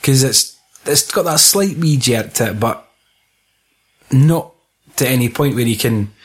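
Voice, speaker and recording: A man's voice: medium pitch, a little slow, breathy edge. A tired Scottish man co-hosting a casual chat, swearing, joking and laughing often. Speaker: podcast co-host.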